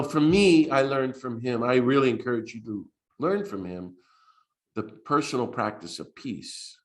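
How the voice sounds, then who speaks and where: A man with an American accent, a priest giving a spoken talk in an earnest storytelling way with frequent restarts. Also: medium pitch. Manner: earnest storytelling with restarts and lively quoted voices.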